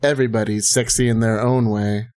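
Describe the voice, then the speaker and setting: A man's voice: fairly low pitch, steady tone, fairly quick, a little mellow. A man playing in a tabletop role-playing game, bantering and joking. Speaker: player.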